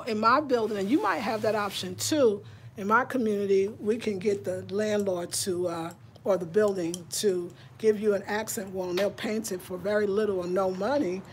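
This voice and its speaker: A woman's voice: mid-range voice, a little hiss or hum. Chatty woman in her fifties from New York. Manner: chatty, breezy, talks to viewers like girlfriends. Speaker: lifestyle vlogger. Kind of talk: casual chat to the camera. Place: at home indoors.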